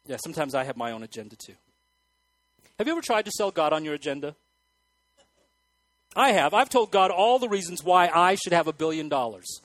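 A man with a fairly high voice preaches to his congregation, swinging between hushed, earnest asides and sudden loud bursts. The sound is dry and close, with little room echo. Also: fairly quick, long pauses. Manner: animated preaching with sudden loud acted outbursts and quiet asides. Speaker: pastor. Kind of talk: sermon. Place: church hall with congregation.

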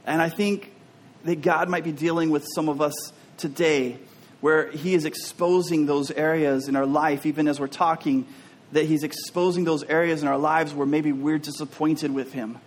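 A man's voice: fairly high pitch, fairly even intonation, normal speed. A man preaching a sermon as a pastor, talking in an earnest, openly personal way and often repeating words as he restarts.

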